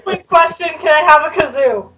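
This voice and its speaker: Teasing woman player, high voice, casual. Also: brisk, fairly bright tone, highs cut off. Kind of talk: casual tabletop game chat.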